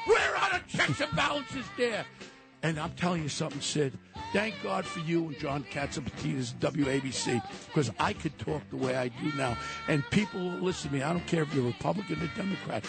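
A man calling in by phone as a regular guest on a talk radio show, ranting with passion and often shouting. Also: fairly high pitch, big pitch swings, a little fast, vocal fry, over music. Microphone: telephone.

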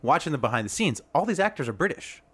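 A man co-hosting a podcast, chatting casually, laughing often and pitching ideas with animated energy. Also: quick pace, breathy edge. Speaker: podcast co-host. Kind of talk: casual chat.

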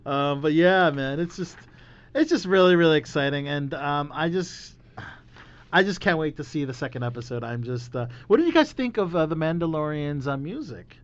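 A man hosts a casual podcast chat, voice a little high and rambling along with plenty of fillers and easy laughs. The recording is dull and lo-fi. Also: lively intonation, normal speed. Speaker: podcast host.

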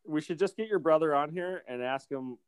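A man's voice: on the high side, fairly quick, clear, resonant tone, no room sound. A man from Ohio co-hosting a sports podcast, making dry, wry remarks. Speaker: podcast co-host. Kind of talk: casual sports podcast chat.

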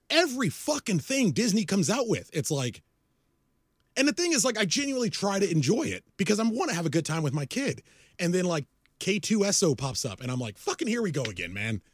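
A man in his forties rants with profane exasperation on a podcast, his voice sitting high and swinging widely in pitch. The sound is close and dry, with no room around it. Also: big pitch swings, fairly quick, no room sound. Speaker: podcast co-host. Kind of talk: casual ranting chat.

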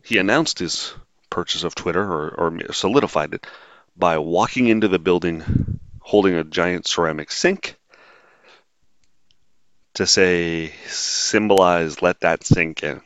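A man's voice: deep voice, a little slow, pauses often, a bit bright, no echo. A man hosting a solo podcast, talking in a blunt, sarcastic, rambling way with lots of fillers. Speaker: podcast host.

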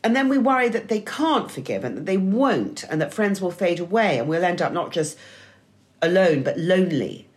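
Lively, wry middle-aged woman podcast host. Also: lowish voice, moderate pace. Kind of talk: scripted-sounding podcast chat.

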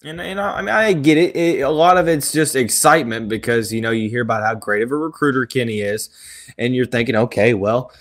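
A man hosting a casual sports podcast, reassuring and halting as he talks, often repeating words. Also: mid-range voice, fairly bright tone. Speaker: podcast host.

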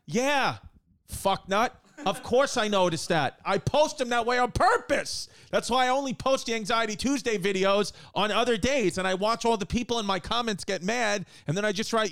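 Casting note: chatty New guy, fairly high voice, smooth and dry, riffs and jokes as the host from his living room. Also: fairly bright tone, dry recording. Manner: rambling, joking, quick asides. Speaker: podcast host. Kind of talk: casual comedic monologue.

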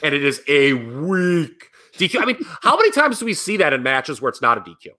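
Animated, bright-voiced man ranting. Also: on the high side, a little fast. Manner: animated, critical, swearing, rants with emphasis. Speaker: podcast co-host. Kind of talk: casual wrestling podcast chat.

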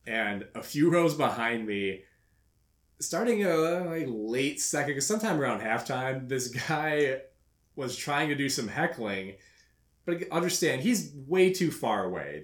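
A man hosting a podcast, telling a story in casual chat and laughing often. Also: medium pitch. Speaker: podcast host. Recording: echoey room.

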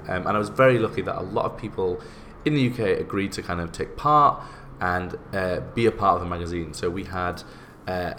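A young man co-hosting a podcast, chatting casually and laughing often in quick bursts. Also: sits low, a bit bright, slight background noise. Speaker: podcast co-host and guest editor.

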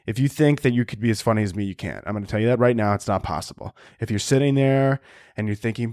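A man's voice: lowish voice, fast talker, darkish tone, dry recording, studio quality. A young man hosting a solo comedy podcast, crude and mock-aggressive, often laughing at his own jokes. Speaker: podcast host.

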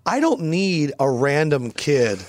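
A lively man co-hosting a sports podcast, his fairly high voice swinging widely in pitch as he jokes and riffs. The sound is dry and close, with no room around it. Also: takes it slowly, no echo. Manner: animated, jokey, slips into mock voices. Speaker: podcast co-host. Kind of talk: casual sports chat.

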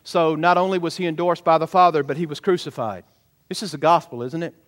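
High-voiced pastor preaching. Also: male voice, steady tone, fast. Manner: emphatic preaching, rhetorical tag questions, rising to loud peaks. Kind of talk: sermon. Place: church sanctuary.

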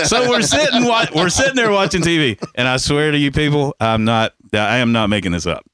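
A man telling a long story in casual chat, animated, laughing often and swearing, with many restarts. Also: on the high side, takes it slowly, long pauses, a crowd in the background. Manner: animated, laughing, profane, repeats himself. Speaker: podcast host telling a story.

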